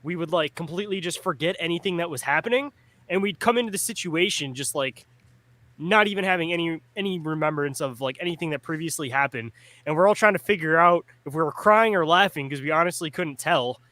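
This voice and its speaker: A man's voice: fairly high pitch, brisk, bright, forceful tone, no room sound. A young man hosting a casual podcast chat, laid-back, calling people dude and bro.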